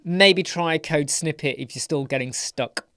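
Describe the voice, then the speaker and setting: A man's voice: a little high, normal speed, sharp tone, no echo. Chatty male livestream host, dry sound. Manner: chatty, rambling, laughs often, puts on mocking voices. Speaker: host of a live web design Q&A. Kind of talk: casual livestream chat answering viewer questions.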